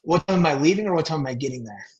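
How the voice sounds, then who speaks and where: A man's voice: fairly high pitch, expressive, racing, lo-fi sound. A man talking casually as a podcast guest, rambling with lots of fillers and restarts.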